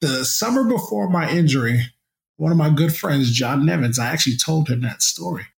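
A young man, once a college football player, recounts his story as an interview guest. His voice carries a gravelly, creaky edge, and he tells it in an upbeat, reflective manner. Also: fairly high pitch, animated, normal speed.

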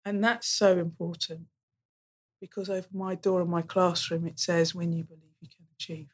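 Husky-voiced woman telling classroom stories. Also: fairly low pitch, moderate pace. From England. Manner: animated storytelling, acting out pupils' replies. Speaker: guest, college curriculum manager and teacher. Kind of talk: casual podcast conversation.

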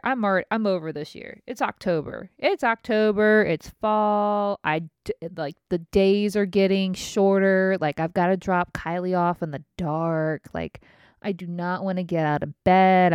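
Foul-mouthed woman telling a story, crisp voice. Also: on the low side, no room sound, clean studio sound. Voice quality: profane, laughing storyteller. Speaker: podcast host. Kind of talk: casual chat.

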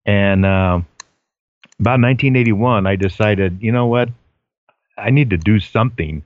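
Older male guest, earnest storyteller, low-ish dry voice, muffled audio. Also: normal speed. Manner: earnest storytelling, hesitant fillers. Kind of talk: casual chat.

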